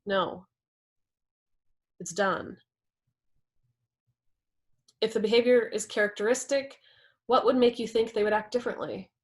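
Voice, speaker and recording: A woman's voice: medium pitch, measured pace, long pauses. A woman presenting a live workshop, talking it through in a conversational way and acting out example quotes.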